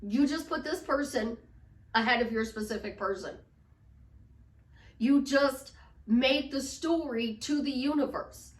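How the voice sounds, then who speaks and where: A woman's voice: high voice, unhurried, pauses often, roomy sound, far from the mic. A woman life coach talking emphatically and acting out her clients' doubts in quoted voices. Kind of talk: casual motivational talk.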